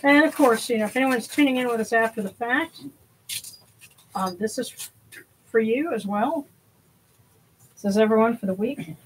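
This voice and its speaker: A woman's voice: on the high side, moderate pace, long pauses, slight background noise. A woman hosts a spiritual livestream in casual, rambling chat, a little out of breath. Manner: rambling, with many fillers and restarts.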